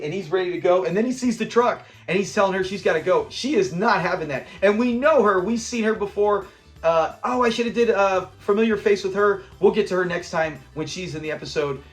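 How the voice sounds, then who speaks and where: A middle-aged man hosting a casual breakdown of a classic sitcom episode, retelling scenes and acting out the characters' lines. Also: high voice. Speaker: host of a classic TV channel.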